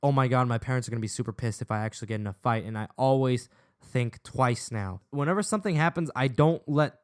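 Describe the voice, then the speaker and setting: A man's voice: mid-range voice, quick pace, clean tone. A young man, a gaming vlogger, telling a personal story in a casual, laughing way with plenty of swearing. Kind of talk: storytelling over gameplay.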